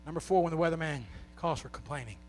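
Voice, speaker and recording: Preaching fast in a Southern US accent, this man moves between loud, half-sung climaxes and quiet, low-toned passages.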